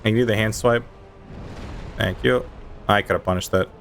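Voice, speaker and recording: A man's voice: fairly low pitch, steady tone, normal speed, gravelly, a bit bright, soft background music. A young adult man streaming a game, chatting casually and ranting with emphatic, mock-outraged insistence. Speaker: gaming streamer.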